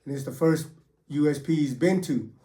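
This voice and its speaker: A man's somewhat high voice recounts his own prison days in loose, easygoing storytelling. His talk is full of swearing and street slang, with constant "you know" fillers. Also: normal speed, warm tone. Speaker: former federal prisoner telling his stories. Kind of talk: casual first-person storytelling.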